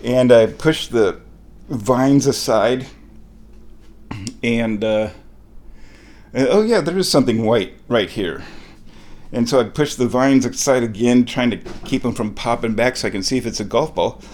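A man of medium pitch tells a casual story from his kitchen. He laughs often and gets worked up, and his voice leaps high when something thrills him. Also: unhurried, long pauses, darkish tone. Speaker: vlogger telling a golf ball hunting story. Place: kitchen at home.

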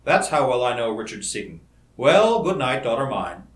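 A man's voice: medium pitch, very animated, normal speed, close to an everyday voice. A man reading the part of a fond, protective middle-aged father in an audiobook, in a roomy-sounding recording. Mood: tender. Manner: tender and reassuring. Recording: roomy echo.

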